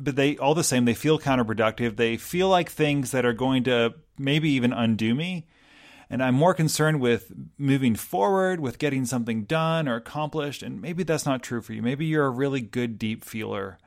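A pastor delivering a reflective, gentle sermon, pausing often and restarting his sentences. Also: mid-range voice.

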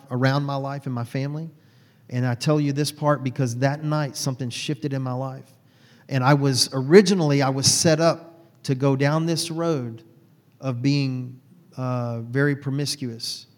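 A man's voice: medium pitch, steady tone, normal speed, a little mellow, big-room sound. A man from Texas, a guest telling his personal faith story in an earnest, heartfelt way.

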